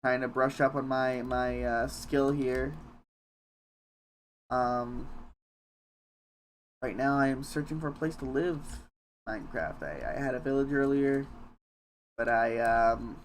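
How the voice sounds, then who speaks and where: A young man streaming a game from home, chatting casually in a rambling, halting, self-deprecating way with some swearing. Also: medium pitch, slight background noise. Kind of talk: casual live-stream chat while gaming.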